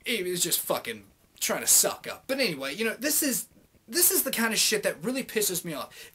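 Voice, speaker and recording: A man's voice: sits high, sing-song, brisk, bright, forceful tone. A young man venting in a casual, heavily profane rant to his camera, heated and sarcastic. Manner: swears constantly, heated and sarcastic. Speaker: vlogger.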